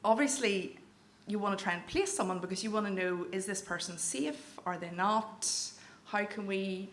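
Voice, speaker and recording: In an echoey hall with faint room noise, a young woman from County Down recounts a personal story to an audience at an event venue. Her Northern Irish voice is mid-range and a bit bright, with fairly even intonation at a moderate pace, and her tone is candid, wry and self-deprecating.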